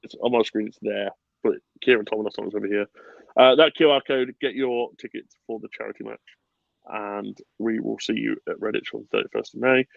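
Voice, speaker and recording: A man hosting a casual football podcast, animated and swearing freely, with bursts of laughter. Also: fairly low pitch, a little fast, gravelly, no room sound, phone-quality sound. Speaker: podcast host.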